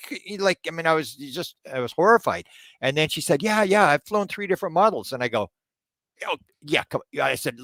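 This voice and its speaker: An older man from Canada, a ufology researcher telling stories in an interview, halting with fillers and then jumping high as he acts out his own disbelief. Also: a bit bright, dry recording. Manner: frequent fillers and restarts. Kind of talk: storytelling in a podcast interview.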